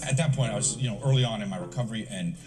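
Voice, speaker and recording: A man's voice: lowish voice, racing. A man doing stand-up, telling a confessional story with crude words and acted-out dialogue. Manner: profane, confessional, acts out dialogue. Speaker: stand-up comedian. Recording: roomy hall sound from far off with music.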